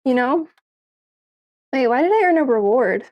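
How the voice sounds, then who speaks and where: A young woman livestreams from her home kitchen, giggling a lot, swearing freely, and chatting casually with both her viewers and her pets. Her expressive voice sits high and moves at a moderate pace, though the recording is muffled.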